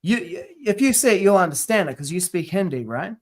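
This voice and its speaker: Podcast co-host, male, high-pitched, chatty storyteller, slangy. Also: animated, brisk. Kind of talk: casual chat.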